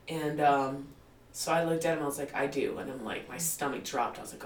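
Speaking a little fast in a deep voice, a woman in her forties tells her life story as a guest in a candid interview. She's lively, laughs a lot, and acts out quotes. Picked up by a distant mic in a roomy room, the audio has faint ambience and slight background noise.

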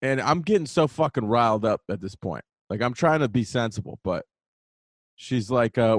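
A man's voice: medium pitch, expressive, a little fast, no echo. A man hosting a podcast, telling a story in a heated, profane casual rant. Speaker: podcast host. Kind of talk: casual ranting monologue. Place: New York.

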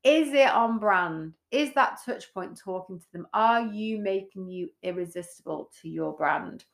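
A woman co-hosting a business podcast in casual chat, blunt and animated, swearing freely. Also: medium pitch, measured pace, vocal fry. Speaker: podcast co-host, brand builder.

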